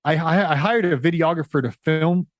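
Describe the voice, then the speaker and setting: A man guesting on a podcast, chatting casually, animated and quick to laugh, with stammering restarts. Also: a little high, no room sound, clean studio sound. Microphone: studio microphone.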